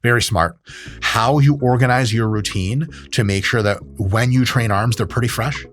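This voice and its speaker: A man's voice: mid-range voice, normal speed, background noise. A man hosting a fitness commentary, joking and swearing casually as he explains training and does a comic ad read. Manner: animated, profane, joking. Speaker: host, exercise scientist.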